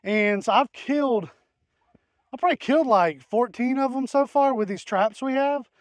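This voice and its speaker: A man's voice: very high-pitched, moderate pace, no echo. A man hosting a farm vlog outdoors, explaining pest control in a folksy, rambling way. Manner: folksy, rambling, fillers and restarts. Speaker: farm channel host. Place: outdoors in a hay field.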